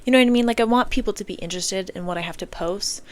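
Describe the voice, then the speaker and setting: A young woman talks straight into her phone in a loose, meandering monologue. She leans on "like" as filler and lands her points with blunt, emphatic swearing. Her pitch sits in an ordinary middle range. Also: racing, slight background noise. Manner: rambling, heavy use of "like", emphatic swearing. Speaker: podcast host. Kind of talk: casual solo monologue. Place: indoors under an air vent. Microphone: phone recording.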